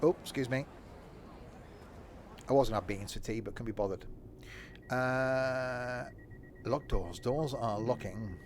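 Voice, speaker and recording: A man's voice: mid-range voice, slow, long pauses, background noise. A man chatting casually as a gaming streamer while he plays a train simulator, joking at his own expense and laughing often. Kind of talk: casual chat while playing a train sim.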